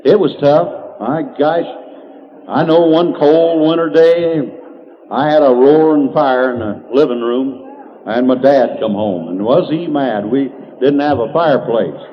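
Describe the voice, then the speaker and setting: An older country humorist from Indiana, USA spins folksy comic yarns in a medium-pitched drawl at a measured pace, chuckling at his own punchlines. It's captured on dull, lo-fi 1990s tape with a faint hiss.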